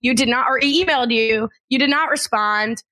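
A woman's voice: on the high side, normal speed, bright, forceful tone. A woman co-hosting a podcast in casual chat, telling stories with a wry, playfully combative edge. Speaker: podcast co-host.

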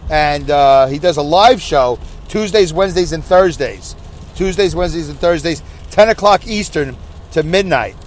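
A man's voice: a little high, lively intonation, moderate pace. A man hosting a podcast, rambling casually with lots of fillers and self-mocking asides, recorded in his car on a rainy drive. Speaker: podcast host. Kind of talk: casual monologue while driving. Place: inside a car on a rainy highway. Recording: recorded in a moving car, faint road noise. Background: rain and road noise.

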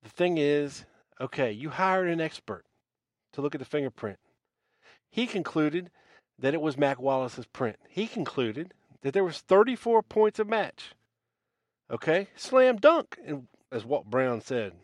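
A man's voice: on the high side, sing-song, unhurried, no echo, clean studio sound. A man hosting a podcast, delivering a blunt, scornful rant full of profanity. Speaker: podcast host. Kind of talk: ranting monologue.

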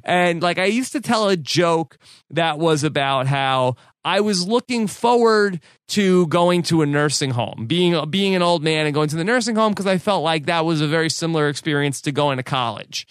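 A man's voice: on the high side, expressive, moderate pace, a bit bright, clear, resonant tone, dry recording, clean studio sound. A man on a podcast, casually telling a story with many fillers and restarts. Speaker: podcast co-host. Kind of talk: casual chat recounting a story.

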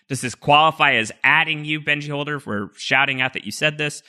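Guy on a podcast, super bright voice, reads mail, lots of uhs. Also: medium pitch, a little fast, few pauses, clean tone. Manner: reads listener mail, laughs easily, many "uh" fillers. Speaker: podcast co-host. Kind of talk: casual chat.

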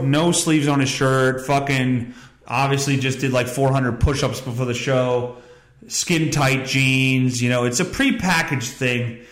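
A man hosts a podcast in an echoey room, rambling through a casual monologue and reading the news with sarcasm and profanity. His voice is mid-range and a bit bright.

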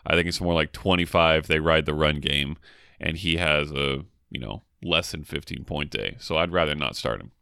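A man co-hosting a podcast, giving quick, animated opinions in casual sports chat. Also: extremely low pitch, creaky, clean tone, no echo, clean studio sound. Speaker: podcast co-host.

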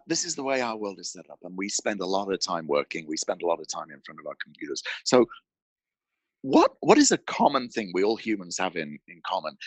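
A man talking as a podcast guest, telling an animated story and restarting phrases with repeated words. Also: mid-range voice, dry recording. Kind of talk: conversational interview storytelling. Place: indoor studio with a mic.

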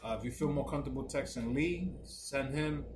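A man co-hosting a casual podcast, telling animated stories with lots of swearing and acting out the people he quotes. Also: mid-range voice, fairly quick. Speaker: podcast co-host. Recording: echoey room with background noise.

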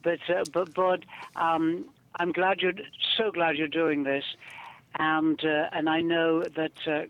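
A man with a Northern English accent chatting as a guest, effusive and a little theatrical. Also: a little high. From north of England. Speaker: guest performer. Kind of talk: casual chat. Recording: dull lo-fi recording.

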